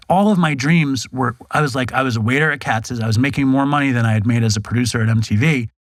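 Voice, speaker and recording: A man's voice: medium pitch, dry recording. A man in his forties, a podcast guest, tells his story frankly, swearing and acting out the lines of other people. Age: 40s. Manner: frank, animated, acts out quoted dialogue, swears. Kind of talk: candid storytelling interview. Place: podcast studio.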